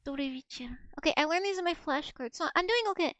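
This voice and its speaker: A woman's voice: very high voice, lively intonation, fast, a bit bright, no room sound. A young woman streaming casually, giggling and repeating practice words over and over as she learns to pronounce them.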